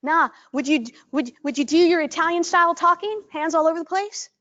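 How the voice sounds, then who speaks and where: A woman presenting a live training workshop, animated and acting out greetings, often checking in with her audience. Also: extremely high pitch, fairly quick, highs cut off. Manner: animated, acts out greetings in a bright voice; asks the audience frequent check-in questions.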